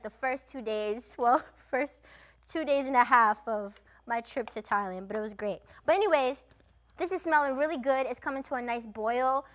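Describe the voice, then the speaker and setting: A woman's voice: a little high, fairly bright tone. A young woman hosting a cooking show, chatting casually and telling a travel story while she cooks, with lots of "like" and "you know".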